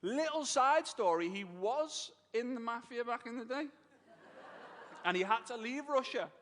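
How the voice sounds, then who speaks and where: An animated man tells his story on stage, with a high voice that jumps all over the place. He gets emotional and acts out the people in the story. The voice rings with the long reverb of a big hall. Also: unhurried. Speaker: speaker telling his business story on stage.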